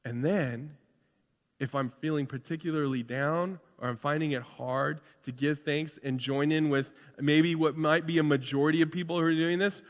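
A male pastor preaching a sermon, moving between loud, excited preaching and quiet, intimate tones. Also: a little high, normal speed. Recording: long hall reverb.

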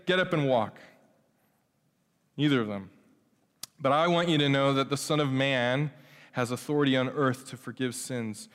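Man preaching in a reverberant church hall. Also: fairly high pitch. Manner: conversational, swings from loud emphasis to hushed. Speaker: pastor. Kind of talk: sermon. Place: church sanctuary.

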